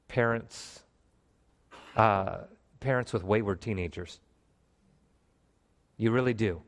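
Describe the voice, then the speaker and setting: A man preaching a sermon to a congregation, animated, with emphatic rises and calls for response in a church. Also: fairly low pitch. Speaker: pastor.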